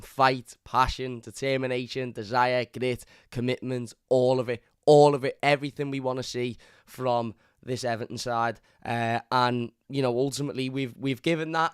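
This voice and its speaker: Hoarse young man ranting about football. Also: mid-range voice, no room sound, studio quality. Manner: passionate, ranting, repeats himself. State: nearly losing his voice, hoarse. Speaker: fan channel host. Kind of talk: live-stream football reaction.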